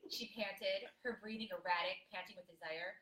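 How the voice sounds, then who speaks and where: A woman's voice: mid-range voice, moderate pace, bright, forceful tone, distant mic, a little hiss or hum. A woman co-hosting a podcast, reading explicit fan fiction aloud and breaking off into laughing asides to her co-hosts. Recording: echoey room.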